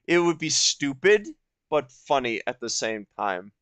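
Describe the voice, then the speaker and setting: A young man in his twenties talks through a game at an unhurried pace, his voice smooth and clean. He rambles, stopping and restarting with plenty of fillers along the way. The sound is dry, with no room echo. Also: mid-range voice, sing-song, a bit bright. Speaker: gaming video host. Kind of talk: casual let's-play commentary.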